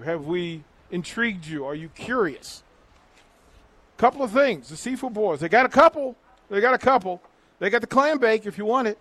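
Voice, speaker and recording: High-voiced energetic radio host. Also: male voice. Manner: energetic, punchy, hype-building. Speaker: radio host on remote broadcast. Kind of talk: live radio remote with sponsor read. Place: restaurant patio.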